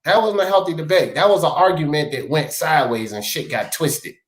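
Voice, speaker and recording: Man, high voice, slangy live sports talk host, laughs a lot, echoey room. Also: fairly quick. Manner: laughing, slangy, emphatic banter. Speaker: show host.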